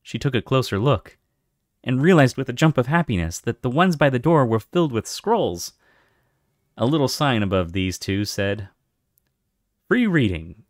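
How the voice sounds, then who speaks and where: A man narrating a fantasy novel aloud with expressive storytelling. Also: mid-range voice, dry recording, studio quality. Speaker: audiobook reader.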